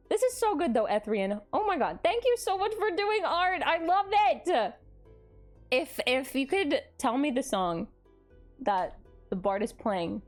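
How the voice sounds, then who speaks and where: A young woman live-streaming in casual chat, gushing and excitable, laughing often as she reacts to fan art. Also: a little high.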